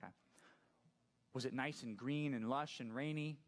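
A man's voice: medium pitch, quick pace, a bit bright. A man preaching as a youth pastor in a casual, conversational way, often asking the listeners questions. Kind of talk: sermon to a youth audience.

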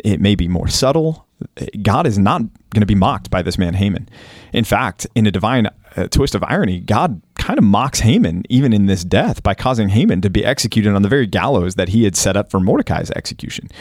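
A man co-hosting a Bible podcast, retelling the story in a relaxed, chatty way with fillers. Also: lowish voice, no room sound, clean studio sound. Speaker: podcast co-host. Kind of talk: casual Bible study chat.

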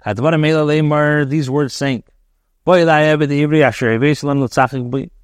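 A man teaching as a rabbi, reading Hebrew verses aloud and translating each phrase into English with frequent pauses and restarts. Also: a little high, steady tone, smooth, dry recording, studio quality. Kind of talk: reading and translating scripture line by line.

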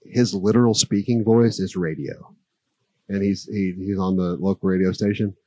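A man's voice: deep voice, steady tone, normal speed, warm tone, no room sound. A man with a stuffy nose, chatting casually as a podcast guest in a bar, rambling and laughing and slipping into impressions. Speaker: guest musician. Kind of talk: casual chat.

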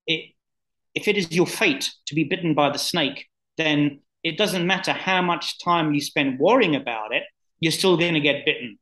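A man's voice: fairly high pitch, moderate pace, bright, forceful tone, low-quality recording. A man co-hosting a podcast, thinking aloud and rephrasing his points as he goes. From New Jersey, USA. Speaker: co-host. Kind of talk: reflective podcast discussion.

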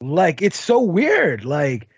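A man's voice: on the high side, wildly swooping pitch, slow, husky, no echo, lo-fi sound. A man co-hosting a podcast, casually telling a long story, rambling, swearing and laughing along. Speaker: podcast co-host.

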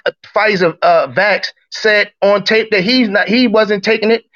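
A man's voice: high-pitched, measured pace, fairly bright tone. A man calling in to a live chat room, arguing in an emphatic, slangy, rambling way. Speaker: caller. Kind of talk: heated casual argument. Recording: dull lo-fi line.

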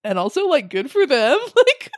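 A woman's voice: high-pitched, normal speed. A woman in casual podcast chat who keeps breaking into laughter and voices the characters' lines as she retells them. The sound is dry and close, with no room echo around her voice. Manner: animated, laughs often, acts out characters' lines. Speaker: podcast co-host. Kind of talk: casual book discussion chat.

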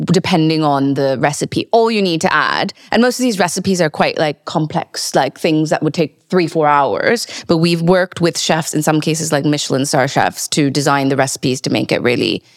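A woman's voice: low voice, moderate pace, few pauses, no room sound, studio quality. A woman, co-founder of a food startup, explaining her business as a podcast guest with frequent "like" fillers. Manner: enthusiastic, uses "like" often. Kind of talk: casual interview chat.

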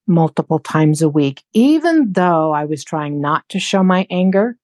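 Woman in her 60s, lowish voice, candid and reflective, repeats herself, dry close mic. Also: no room sound. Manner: soft-spoken, candid, repeats phrases while thinking. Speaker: interview guest. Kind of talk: reflective podcast conversation.

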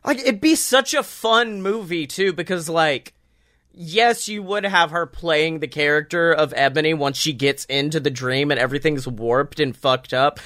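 A man co-hosting a comedy podcast, retelling a story in a rambling, animated way, full of fillers and swearing. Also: a little high, moderate pace, no room sound, clean studio sound. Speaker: podcast co-host.

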